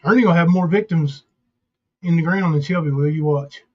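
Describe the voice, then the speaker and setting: A man's voice: fairly high pitch, moderate pace. A man co-hosting a stream, earnestly arguing his point about played clips. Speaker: co-host. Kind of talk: casual commentary on played clips. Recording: dull lo-fi audio.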